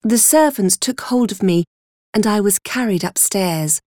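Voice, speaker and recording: Slow, deliberate woman storyteller. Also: medium pitch, animated, darkish tone, no room sound, studio quality. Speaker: audiobook reader. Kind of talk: first-person storybook narration.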